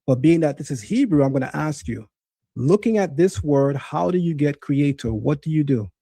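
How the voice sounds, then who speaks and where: A man's voice: a little high, lively intonation, normal speed, gravelly, mellow, no echo. A man hosting a live stream, teaching Hebrew and debating a caller, emphatic and insistent, repeating points to drive them home.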